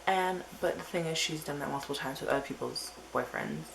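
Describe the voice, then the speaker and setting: A woman's voice: low voice, a little fast, gravelly, slight background noise, low-quality recording. A teenage girl telling a rambling story in a casual diary vlog, full of "like" and quoted asides. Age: teens. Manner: rambling, filler-heavy storytelling. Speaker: vlogger.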